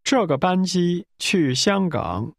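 Male model speaker, slightly gravelly, slow and careful, dry studio sound. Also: sits high, lively intonation, no room sound. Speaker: model speaker in a language course. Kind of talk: slow model pronunciation for repetition.

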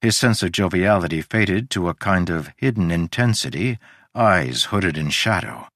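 A man narrating a first-person audiobook in a low, quiet voice between lines of dialogue. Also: expressive, moderate pace, dry recording, clean studio sound.

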